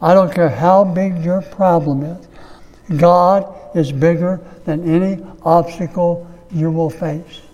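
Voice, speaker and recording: A pastor delivering a sermon, preaching slowly and emphatically, repeating key phrases. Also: male voice, on the high side, steady tone, a little mellow, in a large hall, lo-fi sound.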